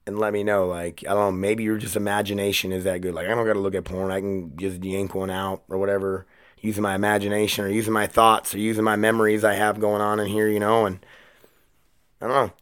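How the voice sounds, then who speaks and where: Male podcast host, solo and casual; low-leaning, smooth voice; jokey, profane, rambling delivery. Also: flat delivery, fast talker, fairly bright tone, dry recording, clean studio sound.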